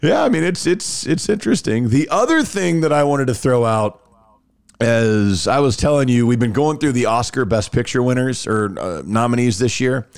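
A man's voice: mid-range voice, animated, normal speed, vocal fry, clean tone, dry recording. A man hosting a podcast, chatting casually and rambling with frequent restarts. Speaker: podcast host. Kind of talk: casual chat.

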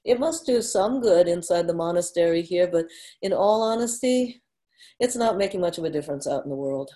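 A woman reads the part of a gentle male weaver in a spoken story, soft-spoken and calm with a lightly amused ease. The voice sits low and mellow. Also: brisk, natural voice.

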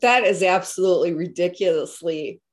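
Female host, lower register; affirming, quick to agree and cite scripture. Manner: affirming, frequent murmured agreement and scripture references. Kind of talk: faith-based interview.

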